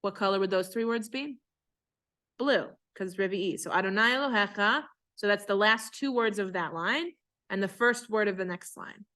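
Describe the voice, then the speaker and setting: In a synagogue class, a woman cantor teaches Torah chanting in a bright, ringing, medium-pitched voice. She patiently and conversationally explains each phrase, then sings it slowly as an example.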